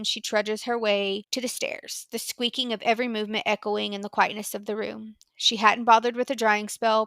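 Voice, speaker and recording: A woman narrating a fan fiction audiobook in a measured, earnest storytelling voice. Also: mid-range voice, fairly bright tone, dry recording. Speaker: audiobook reader.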